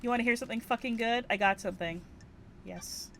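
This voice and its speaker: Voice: medium pitch, quick pace, fairly bright tone, a little hiss or hum, lightly acted. A woman voicing a violent, brash troublemaker who talks bluntly and swears.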